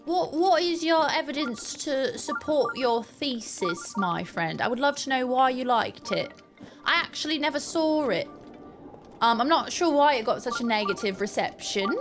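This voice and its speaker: Young woman gamer chatting w her stream, jokey and goofy, kinda high voice, faint music in the back. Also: lively intonation, normal speed. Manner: playful, jokey, chatting to viewers. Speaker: game streamer. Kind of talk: casual live-stream chat.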